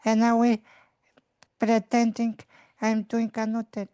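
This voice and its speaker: A woman playing in a tabletop game, describing her plans in slow, halting phrases. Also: on the high side, monotone, mellow, smooth, dry recording. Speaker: player. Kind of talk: casual chat.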